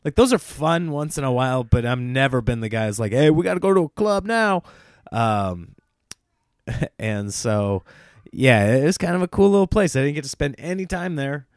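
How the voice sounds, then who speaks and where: A man, a stand-up comedian, telling a casual story in a rambling way, with lots of fillers and excited restarts. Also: mid-range voice, normal speed, no echo, clean studio sound.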